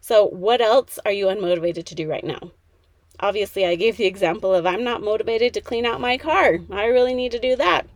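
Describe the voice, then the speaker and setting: A woman in her thirties hosts a motivational podcast, talking peppily and chattily straight to the listener. Her voice is medium in pitch and fairly quick, with no room sound.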